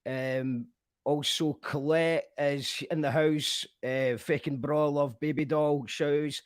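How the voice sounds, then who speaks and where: Guy hosting, slightly high voice, dead dry sound, reads out comments and shouts. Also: flat delivery, takes it slowly, smooth, dry recording. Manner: easygoing, gives shout-outs, repeats words while thinking. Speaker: host. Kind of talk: casual chat, reading viewer comments.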